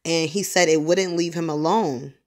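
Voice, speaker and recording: A woman telling a personal story in a halting, rambling way, full of ums. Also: low voice, fairly even intonation, darkish tone. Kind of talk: casual spoken testimony.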